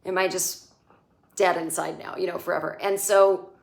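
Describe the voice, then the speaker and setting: A woman's voice: lowish voice, fairly even intonation, normal speed, vocal fry. A woman comedian recapping a TV episode in a chatty, sarcastic way, swearing freely and acting out the characters' lines. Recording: echoey room.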